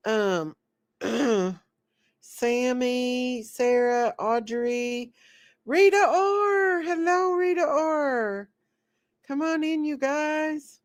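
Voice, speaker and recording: Lady sick n short of breath, slow singsongy hellos, kinda high voice, real dry close sound. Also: no room sound. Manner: slow, drawn-out greetings with sing-song repeats. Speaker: livestream host. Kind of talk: casual livestream chat greeting viewers.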